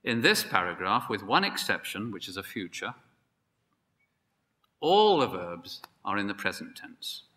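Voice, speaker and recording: A man preaching a sermon, emphatic and building to excited peaks. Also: fairly low pitch, measured pace. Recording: long hall reverb.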